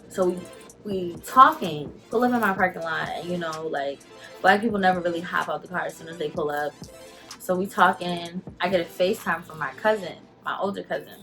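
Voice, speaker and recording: A young woman telling a personal story to her channel in casual talk, animated and emotional, full of "like" fillers, holding back tears. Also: fairly low pitch, a little fast, faint music behind. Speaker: vlogger.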